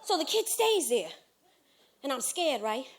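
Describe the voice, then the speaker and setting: Animated woman in a one-woman stage show. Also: high-pitched, unhurried, a crowd in the background, noisy background. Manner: animated, sassy storytelling with mimicry. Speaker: comedic solo performer. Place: theater stage.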